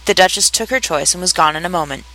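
Storybook narrator, classic tale read aloud, bright forward voice, middle pitch, lifts the voice for quoted lines. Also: fast talker, poor audio. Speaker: audiobook narrator. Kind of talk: storybook reading.

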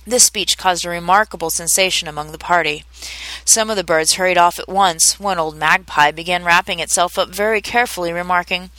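A woman narrating a classic storybook aloud at a steady storytelling pace. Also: fairly low pitch, brisk, no echo, poor audio. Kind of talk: storybook audiobook reading.

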